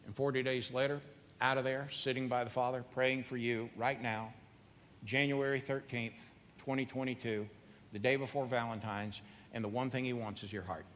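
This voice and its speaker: A man's voice: medium pitch, flat delivery, normal speed, a bit bright, big-room sound, slight background noise. A man preaching a sermon in a conversational, earnest way, repeating phrases for emphasis.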